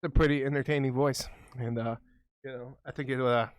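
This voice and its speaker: A man's voice: medium pitch, fairly even intonation, fairly quick, no echo. Rambling young man, dry close sound. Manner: rambling, mock-conspiratorial, swears a lot. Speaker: podcast co-host. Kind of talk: casual chat.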